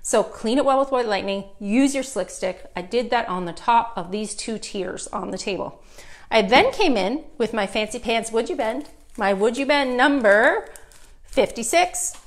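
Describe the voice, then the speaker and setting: Canadian lady doing a live paint tutorial, chatty and upbeat, talks right to the viewers, kinda high voice. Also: expressive, measured pace. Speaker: furniture painting instructor.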